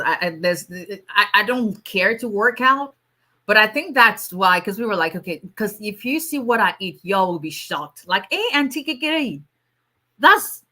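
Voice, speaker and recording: A woman's voice: on the low side, bright, forceful tone. A tired woman, an immigration lawyer chatting casually on a livestream, greeting viewers by name and laughing often.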